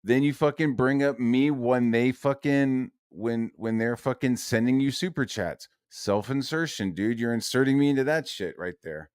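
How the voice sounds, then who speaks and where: Guy ranting on stream, swearing nonstop, keeps saying right and dude, crisp clean voice, dry sound. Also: mid-range voice, moderate pace, hardly any pauses, no room sound. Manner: heated, profane, repeats "right?" and "dude". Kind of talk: angry ranting stream monologue.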